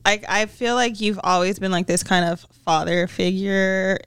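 A young woman co-hosting a podcast, chatting with giggly quick asides. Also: mid-range voice, fairly even intonation, fairly bright tone, smooth, no room sound. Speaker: podcast co-host. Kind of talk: casual chat.

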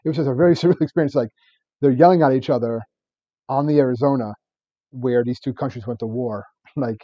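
Rapid, rambling man in his thirties, mellow tone; podcast co-host, slightly muffled mic. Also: medium pitch, no room sound. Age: 30s. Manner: rambling, laughs often, stacks fillers. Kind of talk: casual history chat.

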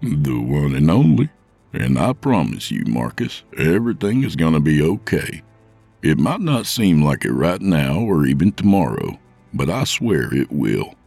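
A man voicing a gruff, menacing Santa Claus with a deep gravelly voice and a slow soothing drawl in a storybook reading. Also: very animated, darkish tone, no room sound, faint music behind, heavily acted. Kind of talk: audiobook narration.

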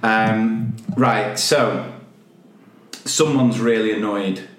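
A man's voice: lowish voice, fairly even intonation, extremely slow, echoey room. A man co-hosting a casual podcast, telling stories and reading out odd news headlines with a joking manner. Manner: jokey, storytelling, reads news headlines aloud. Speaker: podcast co-host. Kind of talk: casual chat.

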